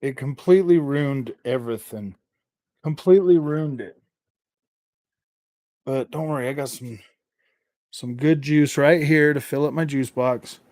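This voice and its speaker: A man's voice: medium pitch, measured pace, long pauses, a little mellow, no echo, studio quality. A man hosting a casual gaming livestream, rambling, repeating himself and laughing between thoughts. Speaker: gaming channel host.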